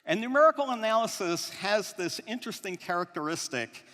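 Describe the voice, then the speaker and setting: A man's voice: high voice, brisk. A man giving a conversational conference talk, often checking in with the audience. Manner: animated, conversational, often adds "right?". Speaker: conference speaker. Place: large conference hall. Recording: long hall reverb.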